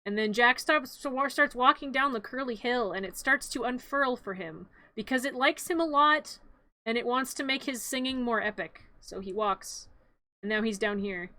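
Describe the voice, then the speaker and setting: Woman, streamer, casual comic narration, rambling, giggly, high voice, bright tone. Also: normal speed, no room sound. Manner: rambling, giggly, talks to the drawings.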